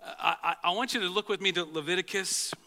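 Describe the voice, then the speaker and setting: A man delivers a sermon in his church with a high, ringing voice. He talks conversationally, stumbling through restarts, then drops his voice low and slow to press a point home. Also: sharp tone. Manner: conversational, halting with repeated restarts. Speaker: pastor. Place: church sanctuary.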